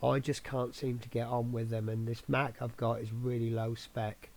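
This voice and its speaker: A man talks through a loose, chatty channel update, drifting from topic to topic with plenty of ums. His voice has a gravelly, creaky edge at an ordinary middle pitch. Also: level tone, normal speed, a little mellow, a little hiss or hum. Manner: rambling, filler-heavy, chatty. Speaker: scale model channel host.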